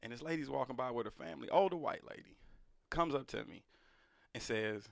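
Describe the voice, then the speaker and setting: A young man co-hosting a podcast, telling a personal story in an earnest, animated way and leaning on slang. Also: mid-range voice, a little fast, gravelly, no room sound, studio quality. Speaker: podcast co-host. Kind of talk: casual chat, storytelling.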